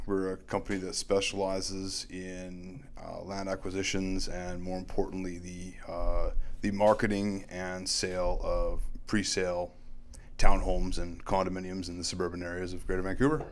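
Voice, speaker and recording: A low-pitched man speaks in a relaxed, conversational way as a podcast guest, explaining his business as a realtor. He pads his points with "like" and checks in with "right?" as he goes. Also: moderate pace, a little hiss or hum. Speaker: realtor and marketing company CEO, podcast guest. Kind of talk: casual interview talk.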